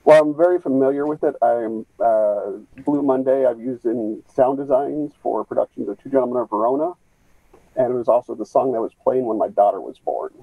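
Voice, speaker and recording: A man calling in over a video call, talking in a rambling, halting way with many restarts. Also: medium pitch, lively intonation, gravelly, no echo. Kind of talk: rambling casual chat. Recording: tinny phone-like call line.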